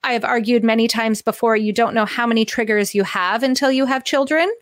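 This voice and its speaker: An enthusiastic middle-aged woman hosts a conversational interview, her voice sitting a little high. She thinks aloud in long, winding questions, and the sound is close and dry with no room around it. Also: steady tone, brisk, dry recording. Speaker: podcast host.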